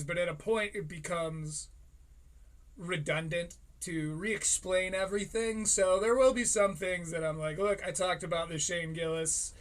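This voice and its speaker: A man's voice: fairly high pitch, a bit bright. A man hosting a live-streamed comedy commentary show, talking casually and sarcastically with a lot of swearing and frequent laughs. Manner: profane, sarcastic, laughs often, slips into mocking voices.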